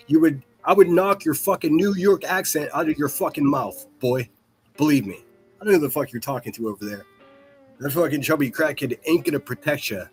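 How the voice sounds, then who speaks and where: A man hosting a livestream, ranting in a profane, mocking and rambling way, often repeating himself. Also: medium pitch. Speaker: livestream commentary host.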